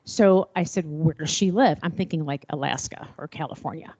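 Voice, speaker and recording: A middle-aged woman telling a personal story at a panel, expressive and acting out remembered dialogue. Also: low voice, moderate pace, no echo. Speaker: panel speaker.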